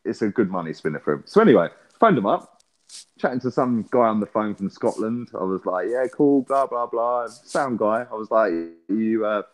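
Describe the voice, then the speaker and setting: A man's voice: lowish voice, expressive. Swearing man telling a rant. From England. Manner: swearing, storytelling with rapid back-and-forth. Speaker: podcast co-host. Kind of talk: casual chat.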